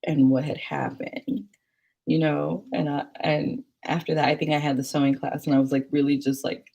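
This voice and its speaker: A woman's voice: low-pitched, fairly quick, vocal fry, a little mellow, husky. A woman telling stories in casual chat, rambling and chatty with many fillers.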